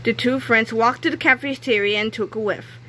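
A woman reading a children's book aloud in a clear storytelling manner. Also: a little high, fairly quick, pushed and bright, low-quality recording. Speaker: reader.

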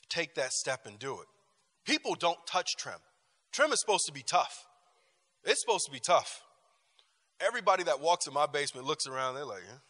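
A man leads a church relationship class, driving his points home by repeating phrases and restarting sentences. His voice is forceful and bright at a middle pitch. The sound carries a long reverb from the church room. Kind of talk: lively class talk with personal stories.

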